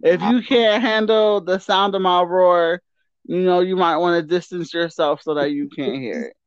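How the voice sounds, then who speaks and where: A woman's voice: fairly low pitch, moderate pace, clean tone, no room sound. Emphatic, self-assured woman on a dull line. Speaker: guest. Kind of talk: casual podcast debate.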